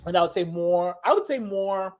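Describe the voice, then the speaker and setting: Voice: medium pitch, normal speed. Vlogger from Zimbabwe, casual and rambling, fillers throughout. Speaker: reaction vlogger. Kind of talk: casual chat.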